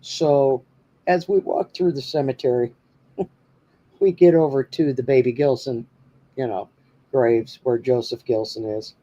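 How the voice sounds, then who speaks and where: A man's voice: mid-range voice, fairly even intonation, measured pace, long pauses, mellow, dull audio. A man hosting a paranormal podcast, telling a story in a rambling, casual way with many fillers. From New Hampshire. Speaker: podcast host.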